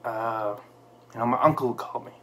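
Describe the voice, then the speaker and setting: A man's voice: mid-range voice, normal speed, a bit bright, a little hiss or hum. A man telling an emotional personal story in a candid, heartfelt way, with frequent fillers and restarts. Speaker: storyteller sharing a personal experience.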